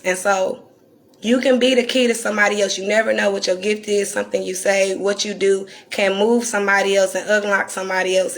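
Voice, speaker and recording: A woman from North Carolina with a Southern accent and a raspy, croaky voice, talking candidly and deliberately to viewers on a live stream. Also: mid-range voice. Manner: reflective and candid, slowed deliberate delivery. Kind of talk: casual live-stream talk.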